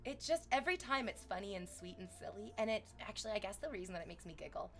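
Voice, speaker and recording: A young woman chatting casually on a live stream, excitable and swearing freely. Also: mid-range voice, quick pace. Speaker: livestreamer.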